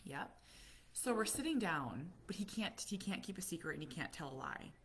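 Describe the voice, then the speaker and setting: Brief: American woman, middle-aged, chatty live-stream storyteller; lower voice that lifts high when she quotes people. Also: normal speed, slight background noise. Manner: storytelling, animated, acts out quotes. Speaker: vlogger, autism parent. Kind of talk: casual live chat.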